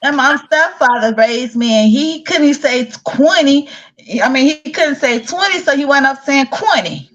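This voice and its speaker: A woman's voice: high voice, moderate pace, a bit bright, highs cut off. A woman from Chicago with a Southern accent, hosting a casual live-stream chat, chatty and laughing often with a drawl. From south side of Chicago. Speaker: host.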